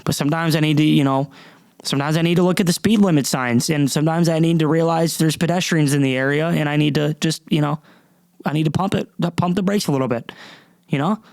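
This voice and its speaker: A young man rambles through a casual podcast, doubling back on himself and swearing freely. His fairly high voice has a gravelly edge yet stays clear and smooth. He sits at a camera and computer, and the room adds almost no echo. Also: fast talker, a little mellow. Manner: rambling, self-interrupting, profane. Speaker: podcast host. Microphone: camera and computer at a desk.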